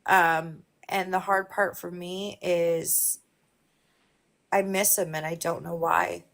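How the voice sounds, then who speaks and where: Forties woman on a livestream, kinda low and gravelly, talks open and halting. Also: little pitch movement, fairly bright tone. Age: 40s. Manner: candid, emotional, speaks haltingly. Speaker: guest on a live stream. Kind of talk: personal conversation.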